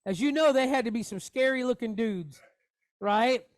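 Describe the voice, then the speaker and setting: A man's voice: extremely high pitch, moderate pace, no room sound. A man teaching a Hebrew reading lesson online, patiently spelling out letters and vowels with jokey asides. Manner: patient, explains step by step with asides.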